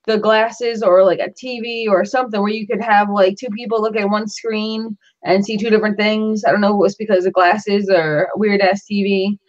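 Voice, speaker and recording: A woman's voice: medium pitch, little pitch movement, moderate pace, few pauses. A young woman co-hosting a casual chat about video games, talking in a frank, easygoing way and laughing easily. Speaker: podcast co-host. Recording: dull lo-fi sound.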